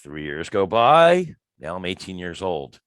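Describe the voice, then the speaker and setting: Lively man in his fifties. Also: low voice, unhurried, clean tone, dry recording. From Philadelphia, USA. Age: 50s. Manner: lively, emphatic, acts out quoted lines. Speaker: guest storyteller. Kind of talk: casual storytelling.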